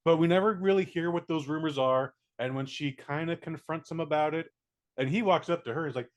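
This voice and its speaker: A man giving a casual spoken movie review, blunt and profane, acting out scenes in quick little voices. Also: a little high. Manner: blunt, profane, animated, mimics characters.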